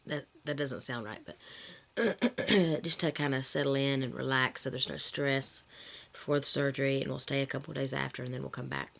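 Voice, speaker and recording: A woman talking candidly to camera in a personal vlog, rambling and correcting herself, with a slight cough and throat-clearing. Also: extremely low pitch, steady tone, normal speed, a bit bright. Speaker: vlogger.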